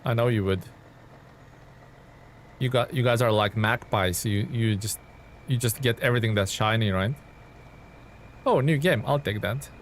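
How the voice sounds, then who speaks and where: A man with a medium-pitched voice streams a game live, chatting casually at a normal speed with long pauses. He rambles through his thoughts, restarts often, and answers chat messages by name. There's slight background noise.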